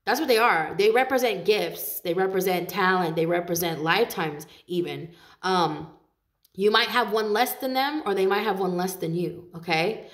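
A woman's voice: mid-range voice, normal speed, echoey room. A woman giving a casual tarot reading, talking in a chatty, loose way, swearing freely and laughing often. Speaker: tarot reader.

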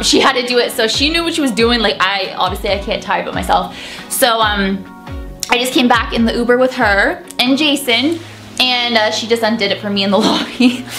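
A woman's voice: a little high, a bit bright. A young woman in her twenties talking to camera in a gushing, giggly, breathless way, tired after a night out. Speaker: vlogger. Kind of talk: casual chat to camera. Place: indoors at night after an event.

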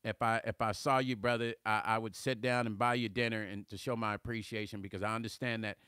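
A middle-aged man with a smooth, resonant voice talks loosely on his live stream, reading out viewer comments. He gets animated, laughs easily and trips over repeated words when he's worked up. The sound is close and dry, with no room around it. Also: fairly low pitch, fast talker, dry recording. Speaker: musician hosting a livestream. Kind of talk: casual livestream chat reading comments.

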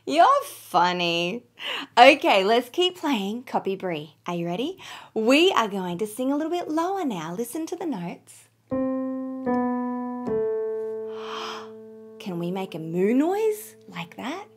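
High lively lady voice, slow gentle kids singing teacher, piano playing behind. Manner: gentle, encouraging, sings moo notes. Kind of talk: children's singing lesson. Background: piano keyboard.

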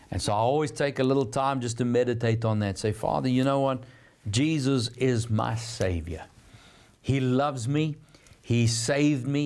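A man's voice: mid-range voice, a little mellow. A middle-aged man preaching a sermon, reading scripture and explaining it in an earnest, reflective teaching manner. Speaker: pastor.

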